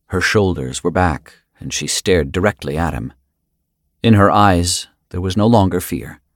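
A man narrating a fantasy story in a dramatic, expressive way. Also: low voice, measured pace, no room sound, clean studio sound. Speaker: audiobook narrator. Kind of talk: scripted narration.

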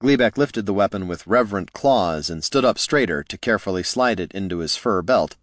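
Expressive low-voiced male storyteller. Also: normal speed, dry recording, studio quality. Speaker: audiobook narrator. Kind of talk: scripted storybook narration.

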